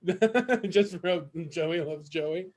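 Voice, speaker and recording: A man's voice: sits high, slow, darkish tone. A man co-hosting a casual podcast, joking along in a laid-back way and laughing often. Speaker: podcast co-host. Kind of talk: casual chat.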